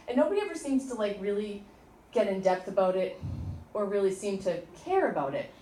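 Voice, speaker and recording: A middle-aged woman teaching an informal workshop, chatty and animated as she tells stories to the group. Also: mid-range voice, slight background noise. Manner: chatty, storytelling, animated asides. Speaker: tapping instructor. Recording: echoey room from a distant mic.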